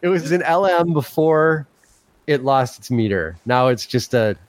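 A man with a mid-pitched voice that rises and falls a lot, joking his way through a casual chat. He teases the others dryly and often breaks into a laugh. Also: expressive, measured pace. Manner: wry, teasing, laughs often.

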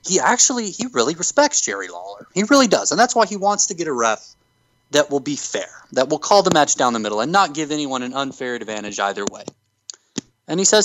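A man hosting a podcast, telling a story with animated enthusiasm in casual chat. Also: on the high side, normal speed, no echo, poor audio. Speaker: podcast host.

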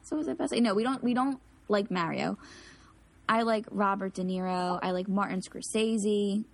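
A woman with a South Philadelphia accent hosts a casual podcast. Her voice sits at a middle pitch, and she chats along with plenty of fillers and giggles. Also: normal speed. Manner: chatty, giggly, many fillers. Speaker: podcast host. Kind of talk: casual chat.

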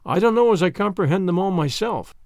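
A man voicing a shy, quiet older farmer who speaks in a slow, hesitant drawl. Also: high voice, expressive, vocal fry, no room sound, studio quality.

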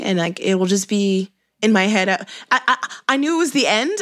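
A woman's voice: medium pitch, fairly quick, fairly bright tone. A woman whose English carries a shifting French accent, between Quebecois, Franco-Ontarian and Parisian, chatting casually, restarting often and laughing. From Canada. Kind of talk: casual chat.

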